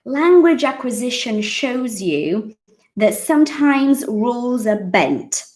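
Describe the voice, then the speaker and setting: Brazilian woman, 30s, native Portuguese speaker, English teacher; unhurried, expressive, accented casual lesson delivery. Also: fairly high pitch. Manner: expressive, acts out surprised reactions.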